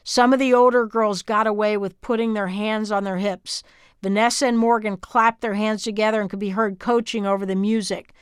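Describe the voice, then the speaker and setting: A woman from Texas reading her memoir as scripted audiobook narration, in a measured, even storytelling manner. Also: mid-range voice, smooth, dry recording, studio quality.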